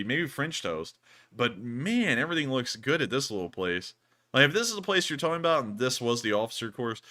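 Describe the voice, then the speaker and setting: A man's voice: lowish voice, pushed and bright. A man hosting a casual livestream chat, talking in a drawling, folksy way while feeling unwell. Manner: drawling, folksy, repeats thank-you phrases. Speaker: livestream host.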